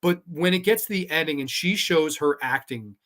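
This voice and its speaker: Male horror show host, live casual countdown, bright slightly high voice, rambling and profane. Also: normal speed. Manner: enthusiastic, swears freely, loose rambling delivery.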